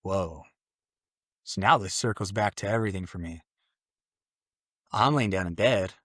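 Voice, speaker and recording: A man's voice: sits low, measured pace, fairly bright tone, no echo, studio quality. A young man, a podcast guest, telling a personal story in a casual, rambling way, acting out what others said. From Mexican family. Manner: casual, rambling with fillers and acted-out quotes.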